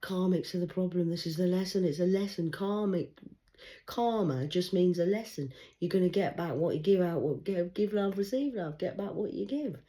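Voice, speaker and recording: A woman, reading tarot cards in a rambling livestream monologue, swinging between loud urgency and hushed murmurs. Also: on the low side, moderate pace. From England. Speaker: tarot card reader.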